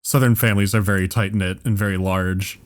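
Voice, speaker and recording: A man's voice: low voice, a little fast. Rambling man telling a story. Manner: rambling, restarts often, builds to excited animated retelling. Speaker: podcast co-host telling a story. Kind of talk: casual comedic storytelling. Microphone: podcast microphone.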